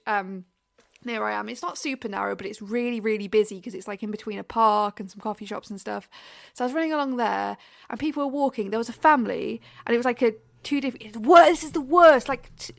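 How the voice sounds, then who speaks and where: On the high side and marked by vocal fry, her voice comes through a dry recording. She's a young British woman co-hosting a podcast, chatting casually, ranting with exasperation over everyday irritations and then laughing self-deprecatingly.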